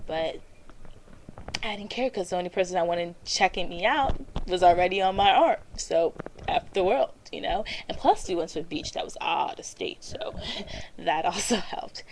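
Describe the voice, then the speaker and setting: An animated teenage girl speaks straight to a handheld camera in a personal confessional vlog, her pitch leaping up and dropping to near whispers as she acts out her own inner voice. Her voice sits low for a girl, with faint clicks and hiss under the recording. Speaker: vlogger.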